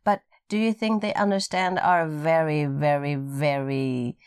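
A woman's voice: sits low, steady tone, measured pace, darkish tone, smooth, dry recording. Teasing woman with a Swedish accent. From Sweden. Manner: teasing, playful banter. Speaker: podcast co-host. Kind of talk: casual podcast chat. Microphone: podcast microphone.

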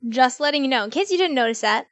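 A woman's voice: high-pitched, expressive, quick pace, fairly bright tone, no echo. A woman co-hosting a storytelling podcast in casual chat, chatty and self-aware, laughing often. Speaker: podcast co-host.

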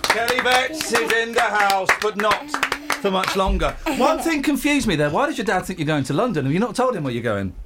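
A man co-hosting a radio podcast in playful banter. His high-ish voice swings widely as he teases and feigns outrage, and loud background noise with clicks runs under him. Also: very animated, quick pace, hardly any pauses. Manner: teasing, mock-outraged, laughing. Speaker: breakfast radio co-host.

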